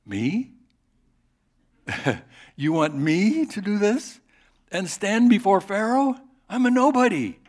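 A man voicing a timid, stammering shepherd who pleads to be let off, in a high anxious voice. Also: very animated, a little slow, fairly bright tone, slightly rough, full character voice. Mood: incredulous.

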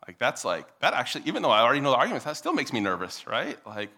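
A man giving a persuasive talk to a live audience in a room, animated and jumping into exaggerated high-pitched voices to mock opposing views. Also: racing, slightly rough. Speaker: speaker addressing an audience.

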